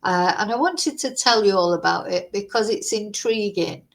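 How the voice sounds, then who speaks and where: A woman's voice: medium pitch, normal speed, gravelly, rough recording. A woman vlogger in casual chat, thinking aloud and musing through lots of rhetorical questions.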